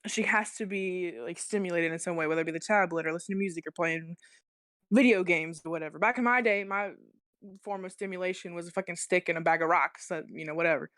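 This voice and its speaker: A woman in her twenties, a guest on a podcast, telling stories fast in casual, cussing chat. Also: fairly low pitch, no room sound, clean studio sound. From South Carolina. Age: 20s. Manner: fast, swearing, animated storytelling. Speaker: guest musician.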